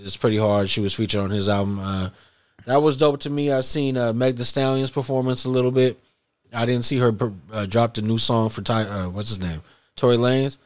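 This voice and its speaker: A man's voice: medium pitch, fairly even intonation, a little fast. A man hosting a casual hip hop podcast chat, talking in a loose, laid-back way and swearing freely.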